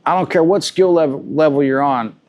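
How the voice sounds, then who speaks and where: A man's voice: fairly high pitch, a little fast, dull audio. A man teaching a live guitar masterclass, talking loosely and repeating himself as he thinks aloud between demonstrations. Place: room with a live audience. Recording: guitar music loud behind the voice.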